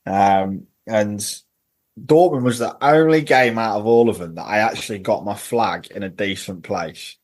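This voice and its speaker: A man's voice: fairly low pitch, moderate pace. A man in casual podcast chat, telling funny stories as a football-fan guest and laughing at his own tales. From England.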